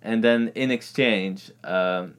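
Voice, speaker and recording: A man's voice: on the low side, takes it slowly, a bit bright. A man co-hosting a casual podcast, enthusiastically recommending a cult horror film with many fillers and little laughs. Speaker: podcast co-host.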